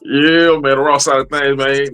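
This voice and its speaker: Easygoing podcast host. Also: male voice, mid-range voice, flat delivery, moderate pace, a bit bright, clear, resonant tone, faint music behind. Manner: easygoing, full of "man" and "yeah". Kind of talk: casual interview chat.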